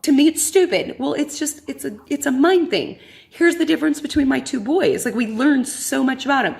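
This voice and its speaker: A woman's voice: sits high, expressive, brisk, creaky. A woman in a homemade video, speaking earnestly and emotionally to church friends about her children.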